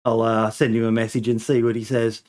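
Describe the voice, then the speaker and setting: A man's voice: medium pitch, flat delivery, a little fast, darkish tone. A man hosting a casual gaming podcast, talking in long rambling stretches full of ums and false starts. His voice sits in an ordinary middle register, and he swears offhandedly. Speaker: podcast host.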